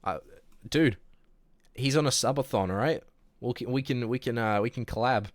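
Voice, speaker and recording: A young man with a New Zealand accent, chatting casually on a livestream and reading chat aloud, relaxed, laughing easily and restarting his sentences. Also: medium pitch, normal speed, no room sound. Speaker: streamer.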